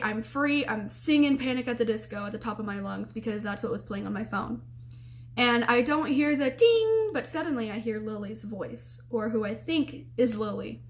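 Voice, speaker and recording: A young woman tells a story straight to camera, chatty and animated. Her voice sits a little high, and she keeps restarting sentences and filling gaps with "like" and "um". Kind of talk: casual storytime vlog.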